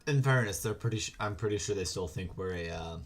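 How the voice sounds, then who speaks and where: A man's voice: deep voice, fast talker. A man playing in a tabletop game, teasing and joking with the table. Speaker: player. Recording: loud background noise.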